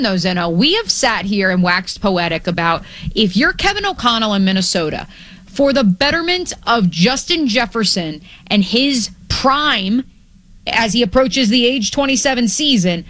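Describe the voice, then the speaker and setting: A woman hosting sports radio talk, brisk and playful with wordplay, on a studio microphone. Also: mid-range voice, fairly bright tone.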